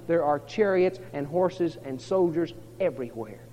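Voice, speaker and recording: High-voiced preacher in an echoing hall. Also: male voice, expressive, normal speed, few pauses. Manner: dramatic storytelling, swinging from hushed to loud. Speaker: pastor. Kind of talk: sermon. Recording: reverberant hall, dull lo-fi sound.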